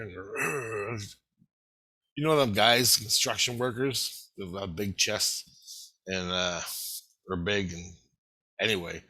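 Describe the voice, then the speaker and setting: A man's voice: lowish voice, a little slow, pauses often, sharp tone, husky, no room sound. A man casually telling a long personal story, swearing often and acting out both sides of a conversation with lots of "he goes" and "I go". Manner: profane, loose retelling with many quoted dialogues and repeated "he goes".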